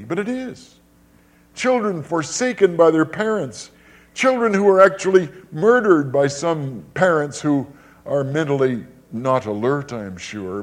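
Older man preaching with dramatic swings. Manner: emphatic, with wide swings in pitch and loudness and repeated phrases. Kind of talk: sermon.

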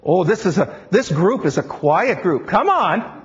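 Lively high-voiced male preacher, lo-fi. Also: unhurried. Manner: playful teacher-style, quizzing the congregation. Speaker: pastor. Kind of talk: sermon. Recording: dull lo-fi recording.

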